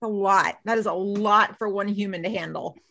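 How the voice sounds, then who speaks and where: A woman's voice: medium pitch, normal speed, creaky, a little hiss or hum. A woman hosting a podcast, retelling a TV episode in casual chat and acting out the characters' lines. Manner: animated, acts out characters' lines while retelling. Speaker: podcast host.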